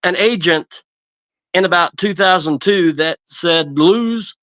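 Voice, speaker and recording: A man's voice: on the high side, a little slow, pushed and bright. A man in his sixties, a guest actor on an interview show, talking in an easygoing, rambling way with a lot of stumbles. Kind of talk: casual interview chat. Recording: dull remote line.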